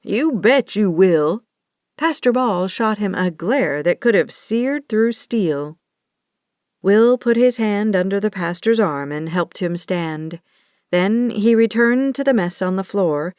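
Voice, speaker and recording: A woman narrating an audiobook romance in a measured, even manner. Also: mid-range voice, smooth, dry recording, clean studio sound. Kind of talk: scripted narration.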